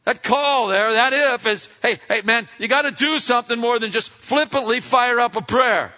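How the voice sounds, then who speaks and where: A man preaching a sermon in a folksy, conversational way, swinging between loud emphatic lines and quiet asides and acting out quotes. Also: very high-pitched, moderate pace. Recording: dull lo-fi sound.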